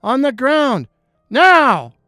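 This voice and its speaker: A man's voice: extremely high pitch, sing-song, drawn-out words, pushed and bright, no room sound, clean studio sound, soft background music, pitched above the performer's own voice, full character voice. A man voicing armed riot cops who bark commands. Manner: barked commands.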